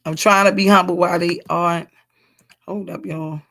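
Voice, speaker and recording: A woman's voice: fairly low pitch, normal speed, creaky. A middle-aged woman leading a casual leadership workshop, reading out comments and laughing with the group. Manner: animated, laughing, talks to the group as y'all.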